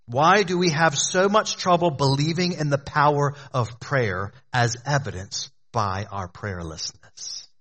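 A man pastor preaching an earnest, exhorting sermon, often dropping low and quiet for emphasis. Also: a little slow, hardly any pauses.

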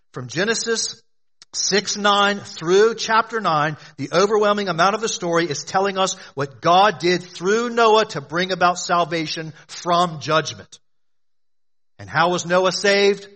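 A man's voice: sits high, a bit bright. A man preaching a sermon to a congregation, emphatic, often asking questions and answering them. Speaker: pastor.

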